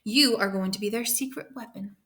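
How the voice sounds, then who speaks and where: A woman reading aloud and voicing a determined, demanding woman tutor who coaches a girl, with firm, brisk emphasis. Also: mid-range voice, bright, forceful tone.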